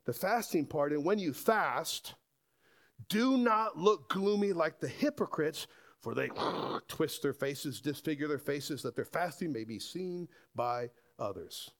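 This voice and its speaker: Male pastor, sermon, lively swinging pitch, slightly high voice, rhetorical questions. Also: a little slow. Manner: animated preaching, rhetorical questions to the congregation.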